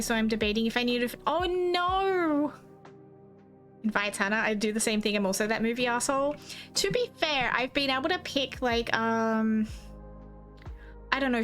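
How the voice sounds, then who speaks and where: Her voice a little high and a bit bright, a young Australian woman rambles casually as she streams a game. She swears freely and quotes herself and others throughout the chat.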